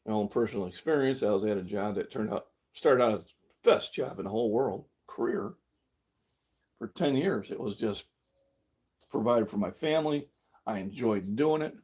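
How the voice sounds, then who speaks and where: Older guy rambling on his live stream, husky voice, keeps restarting sentences, does mocking voices of himself. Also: fairly low pitch, normal speed, a little mellow. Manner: candid, meandering, with frequent restarts; acts out his own past reactions in a mocking voice. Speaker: fitness channel host. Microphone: camera he carries himself.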